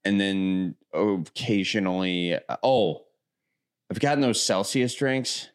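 A man from the American Midwest answering rapid questions in an easygoing, rambling way. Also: low-pitched, smooth. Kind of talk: casual chat.

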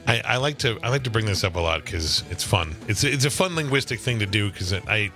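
A man's voice: lowish voice, expressive, brisk, bright, forceful tone, soft background music. A man co-hosting a casual radio talk show, rambling with many restarts and frequent laughs. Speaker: co-host.

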